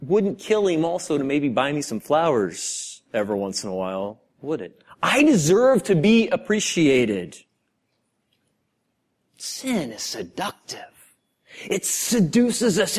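Male pastor, lively pitch, unhurried sermon delivery with acted-out bits. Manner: animated, acts out everyday scenes in voices.

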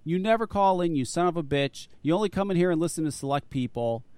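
A man's voice: on the high side, fast talker, background noise. A man hosting a casual talk radio show, telling stories with lots of swearing and laughter. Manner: animated storyteller, swears a lot, laughs often. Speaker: host.

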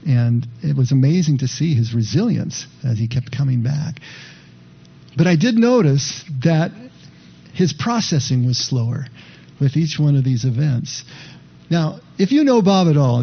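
A man's voice: on the high side, expressive, moderate pace, creaky, breathy edge, highs cut off. A middle-aged male pastor giving a sermon in a conversational, reflective storytelling manner, speaking directly to the congregation.

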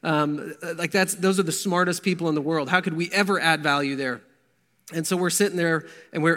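A middle-aged man with a somewhat high voice shares his testimony at a men's breakfast. He tells it conversationally, full of ums, restarts and asides. His voice rings out with the long reverb of a large hall. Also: a bit bright. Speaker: guest speaker at men's breakfast. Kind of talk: personal testimony talk.

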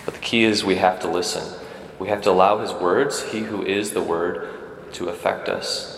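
A man's voice: low voice, roomy sound, in a large hall, a little hiss or hum. A man preaching a homily at Mass in a conversational way, often checking in with the congregation. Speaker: Catholic priest. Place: church.

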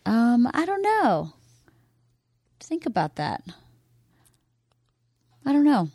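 A woman's voice: a little high, wildly swooping pitch, slow pace, mellow, no echo, studio quality. A woman in casual podcast chat with her husband at home, easygoing and teasing. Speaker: guest, host's wife. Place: home man cave studio.

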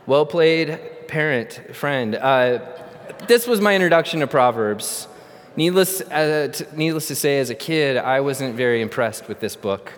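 A man's voice: mid-range voice, animated, a little slow. A middle-aged man preaching a sermon, telling a funny childhood story with animation and then teaching earnestly. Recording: long reverb of a large hall.

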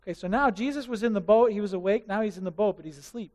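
Animated high-voiced pastor preaching. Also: male voice, rapid-fire, hardly any pauses, long reverb tail. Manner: animated storytelling, asks the audience questions. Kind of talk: sermon.

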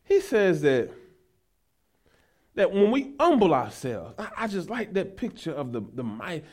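A male pastor preaching a sermon, mixing folksy asides to the congregation with rising, shouted exhortation. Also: high-pitched, wildly swooping pitch, measured pace. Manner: folksy, talks to the congregation as y'all.

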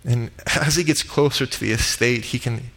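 A man delivering a sermon, retelling a parable with dramatic build-ups and loud quoted cries. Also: medium pitch, normal speed. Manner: dramatic retelling, rising to shouts in quoted lines. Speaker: pastor. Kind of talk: sermon storytelling. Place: church sanctuary.

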